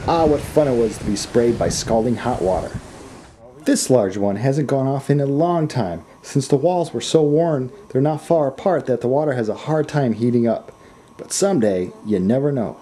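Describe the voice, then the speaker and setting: A man's voice: mid-range voice, normal speed, warm tone, slight background noise. An American man narrating his travel vlog with wry, self-mocking humor. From United States. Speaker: travel vlogger.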